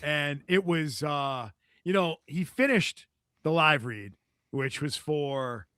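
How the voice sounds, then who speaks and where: A man's voice: fairly high pitch, slow pace, clean tone, no room sound, studio quality. A man guest on a podcast telling a story in casual chat, laughing often and acting out what others said. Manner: animated storyteller, laughs often, acts out quotes.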